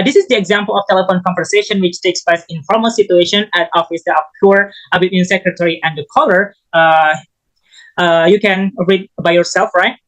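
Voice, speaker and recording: A man giving a recorded English lesson as a student teacher, halting and often restarting his phrases. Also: high voice, a bit bright, poor audio.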